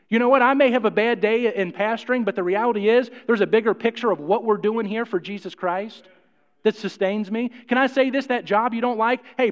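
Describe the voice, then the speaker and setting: A middle-aged man preaching a sermon to his congregation, folksy and jokey, often repeating himself and putting questions to the room. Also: very high-pitched. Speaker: pastor. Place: church hall. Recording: muffled, with long hall reverb.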